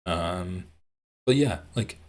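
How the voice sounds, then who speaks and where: A man doing live-stream commentary on clips, ranting with lots of swearing and getting loud and heated. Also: sits low, animated, takes it slowly. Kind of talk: livestream commentary reacting to clips.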